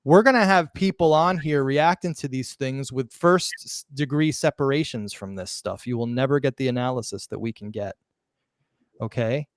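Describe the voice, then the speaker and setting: A man hosts a live podcast in an excited, emphatic rush, tripping over words and starting them again as he goes. His voice is smooth and resonant, and the sound is dry and close, with no room around it. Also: mid-range voice, normal speed, no room sound. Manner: excited, emphatic, with restarts and stumbles. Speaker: podcast host.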